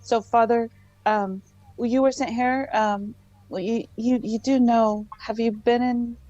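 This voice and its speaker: A woman's voice: on the high side, fairly even intonation, a little slow, dark tone, no echo, highs cut off. A woman playing in a tabletop role-playing game, speaking hesitantly with many fillers. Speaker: player.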